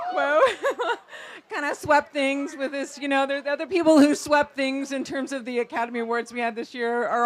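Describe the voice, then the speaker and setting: Groom's mom giving a toast in a backyard, chatty and giggly, voice sits a bit high. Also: female voice. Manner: chatty and warm-hearted, laughs between thoughts. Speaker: groom's mother. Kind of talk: wedding toast. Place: outdoor backyard.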